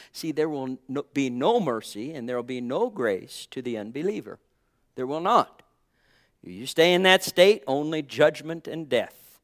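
Fervent preacher man, loud then hushed. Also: mid-range voice. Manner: fervent, swings between loud exclamations and quiet reflection; halting, with frequent uh and um. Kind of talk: sermon.

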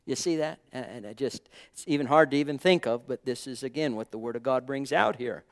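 A male preacher with a mid-pitched voice delivers a sermon. He shifts between ringing exclamations and soft, halting reflection full of small pauses. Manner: fervent, swings between loud exclamations and quiet reflection; halting, with frequent uh and um.

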